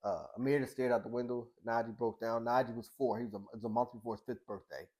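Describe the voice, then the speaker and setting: A man's voice: medium pitch, fairly even intonation. Earnest middle-aged man recounting a story. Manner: colloquial, earnest, retells conversations in quoted dialogue; halting with restarts, softening to a hushed voice. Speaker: boxing coach and social worker, podcast guest. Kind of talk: emotional personal storytelling in a podcast interview.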